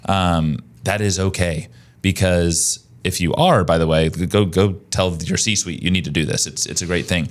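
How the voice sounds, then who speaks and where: A man hosting a casual podcast chat, energetic and conversational, often restarting his sentences. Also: deep voice, moderate pace. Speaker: podcast host, agency owner.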